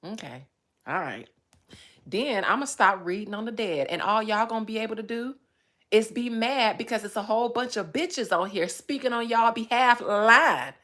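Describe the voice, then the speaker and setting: A woman psychic talking casually on a livestream, profane and animated, breaking into laughter often. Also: fairly high pitch, moderate pace.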